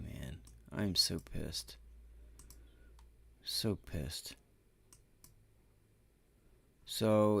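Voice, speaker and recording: A man running a live day-trading stream talks through his charts, lurching between low, frustrated muttering and loud bursts of swearing. His voice is gravelly, and the recording is dry.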